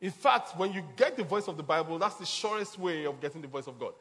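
A man's voice: fairly high pitch, expressive, quick pace, a bit bright. A man preaching a sermon as a pastor, repeating his points emphatically and chuckling between them.

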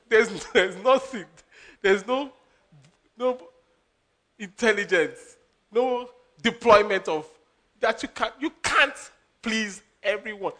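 Pastor guy preaching, really high bright voice, laughs a lot. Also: slow pace, long pauses. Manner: animated preaching with laughs and acted quotes. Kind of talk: sermon.

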